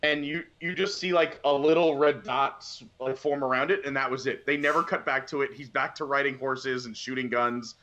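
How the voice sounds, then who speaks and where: A man in casual conversation, rambling and animated as he retells scenes from a movie. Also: mid-range voice, normal speed, hardly any pauses, dull audio. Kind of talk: casual movie review chat.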